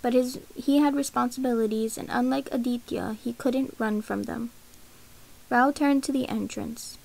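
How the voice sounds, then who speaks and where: Gravelly woman reading a novel aloud. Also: a little high, steady tone, moderate pace, poor audio. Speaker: narrator.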